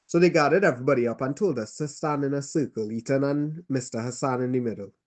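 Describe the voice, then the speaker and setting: A man with a Trinidadian accent playing a weary male survivor who tells a child about the war in a grave, halting monologue. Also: medium pitch, lightly acted. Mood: somber. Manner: halting, grave, pauses and restarts. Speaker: storyteller. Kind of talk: dramatic monologue.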